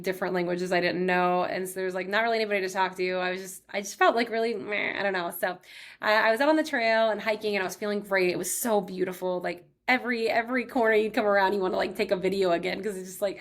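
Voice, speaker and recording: A woman's voice: medium pitch, fairly even intonation, fast. A young woman from Texas hosting a podcast, chatting casually as she tells a personal story, filling her sentences with "like". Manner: chatty, heavy use of "like". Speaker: podcast host.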